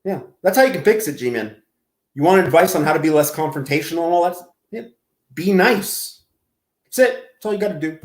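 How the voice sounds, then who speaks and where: A man with a slightly higher voice chats loosely through his commentary, wandering off into stories and laughing at himself. The room around him rings with echo. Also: expressive, fast talker, a little mellow. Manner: rambling, self-deprecating, laughs often. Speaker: commentary channel host. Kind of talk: casual reaction commentary.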